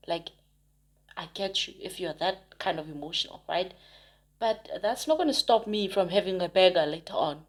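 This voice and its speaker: A woman's voice: mid-range voice, slight background noise. Woman tarot reader, casual and emphatic, talks straight to viewers and restarts her sentences often. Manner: chatty and emphatic, rambling with frequent restarts.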